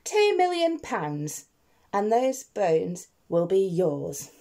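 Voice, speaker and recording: A woman's voice: mid-range voice, very animated, slow pace, mellow. A woman voicing a hungry, polite male dog in a rhyming storybook, speaking in a sing-song, apologetic way. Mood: eager. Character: hungry, polite male pet dog digging for his bone.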